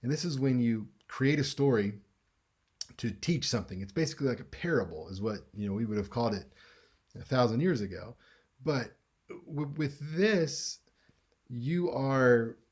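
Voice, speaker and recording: A middle-aged man teaching a class in a loose, conversational lecture. His voice sits in a middle pitch. He acts out example lines with lively shifts in tone.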